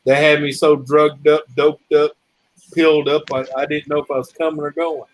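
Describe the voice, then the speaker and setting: Guy hosting a chat, kinda high voice, rambles on with his stories, swears a lot. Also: level tone, moderate pace, rough recording. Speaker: host. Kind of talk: casual chat.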